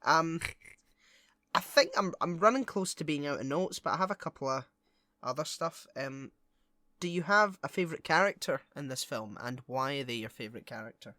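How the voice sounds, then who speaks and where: A man co-hosting a podcast, chatting playfully with quick jokey asides. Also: fairly high pitch, expressive, bright, forceful tone, dry recording, clean studio sound. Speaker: podcast co-host. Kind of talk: casual chat.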